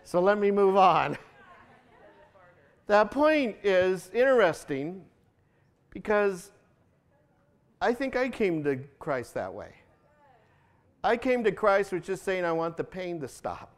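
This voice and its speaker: Smooth-voiced man preaching conversationally. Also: big pitch swings, takes it slowly, long pauses. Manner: conversational, asks the audience questions, acts out quotes with rising pitch. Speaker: pastor. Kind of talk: sermon.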